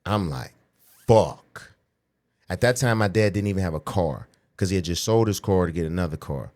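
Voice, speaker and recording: A pro bodybuilder appearing as a podcast guest tells a profane story in a low voice, talking fast. Casual and animated, he acts out quoted voices and keeps saying "you know what I'm saying" throughout the interview.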